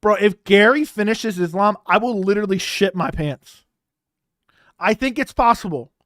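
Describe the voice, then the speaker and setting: A young man hosting a live fight watch-along, talking casually and animatedly, swearing, repeating himself and breaking into loud outbursts. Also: high-pitched, normal speed, dry recording, clean studio sound. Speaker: host reacting to a live fight.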